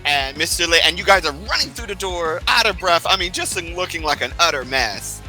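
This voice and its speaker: A man narrating a role-play scene as game master, telling it in a lively, descriptive way. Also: on the high side, fairly quick, soft background music, low-quality recording.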